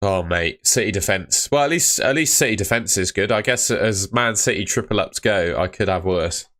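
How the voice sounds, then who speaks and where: A man's voice: lowish voice, normal speed, a bit bright. A young man chatting casually on a live stream, answering viewers' comments about fantasy football. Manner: chatty, reads out chat comments.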